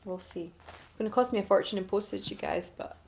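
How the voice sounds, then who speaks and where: A woman's voice: medium pitch, a little fast, a little mellow. A woman in a chatty, rambling and self-deprecating casual chat to camera, answering fan requests as an actress.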